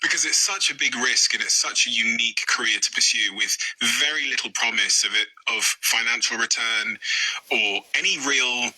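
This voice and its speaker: A man who hosts interviews, asking his guest questions in a measured, thoughtful way. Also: mid-range voice, pushed and bright, poor audio. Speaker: podcast interviewer.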